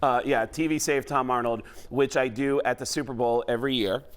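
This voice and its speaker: Talk-show guest, man from New York, mid-range voice, lively storyteller who slips into impressions. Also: mid-range voice, a little fast, clean tone. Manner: animated storytelling, breaks into voices. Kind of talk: casual talk-show chat.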